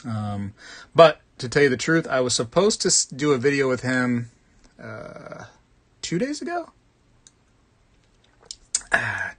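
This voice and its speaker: A man with a mid-range, slightly bright voice hosts a live morning stream about coin collecting. He chats casually and rambles, cracking jokes. He also reads out comments from viewers.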